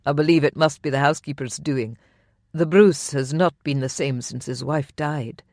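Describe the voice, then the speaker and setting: An audiobook narrator voicing a tender male Highland laird and warrior, in a low, murmuring manner. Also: moderate pace, a little mellow, no room sound, clean studio sound, natural voice. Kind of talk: audiobook dialogue.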